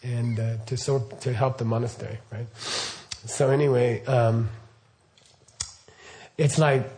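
A middle-aged Buddhist teacher talks in a loose, rambling way, slowly and in a mid-range, darkish voice with fairly even intonation. It's casual spoken teaching, full of questions to his listeners and frequent "okay" and "right."

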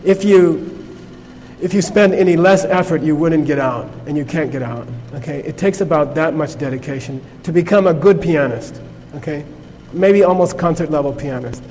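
A man's voice: a little high, moderate pace, a little mellow, long reverb tail, faint music behind. A man teaching a Buddhist class in a conversational way, checking in with his listeners with frequent "okay?". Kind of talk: informal class lecture.

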